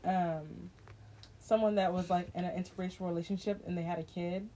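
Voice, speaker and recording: A woman's voice: fairly low pitch, steady tone, brisk, warm tone. A young woman co-hosting a podcast, reacting with shock and short remarks in casual chat. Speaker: podcast co-host.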